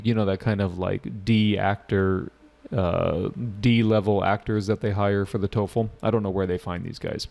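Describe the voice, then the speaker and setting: A man's voice: fairly low pitch, steady tone, moderate pace, creaky, hardly any pauses, darkish tone. A man teaching a live online test prep class, casual and joking as he walks through questions and answers student chat.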